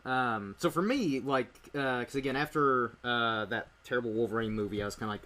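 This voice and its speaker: A man's voice: mid-range voice, brisk, hardly any pauses, sharp tone. Rambling Irish-born man hosting a review. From Ireland. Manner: rambling, filler-heavy storytelling. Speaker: host of a movie review. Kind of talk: casual chat.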